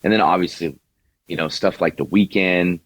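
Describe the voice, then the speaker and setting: A man with a very deep, low voice talks casually as an interview guest. He rambles, restarting his sentences and leaning on fillers. The sound is dry and close, with no room around it. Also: fairly even intonation, normal speed, fairly bright tone, no echo. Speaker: singer and songwriter, guest.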